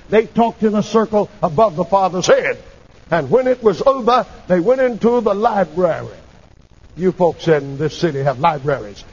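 A male preacher giving an impassioned sermon, calling on the congregation for amens and breaking into shouts. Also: high-pitched, slightly rough, lo-fi sound. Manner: impassioned, calls for amen, sudden shouts.

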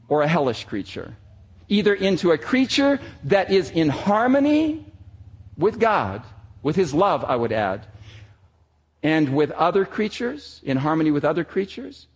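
A man preaching a sermon to a gathered audience, emphatic and slowing down on his key words. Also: sits high.

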